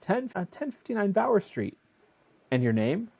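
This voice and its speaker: A man voicing a calm male emergency dispatcher who asks steady, procedural questions over a phone call. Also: high-pitched, moderate pace, creaky, husky, dry recording, exaggerated voice.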